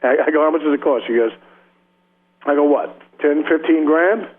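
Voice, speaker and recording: A man's voice: fairly high pitch, normal speed. Rambling, laughing man on a slightly dull radio line. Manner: rambling and slangy, laughs often, acts out the people in his stories. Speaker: rock guitarist guest. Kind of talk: casual radio interview storytelling.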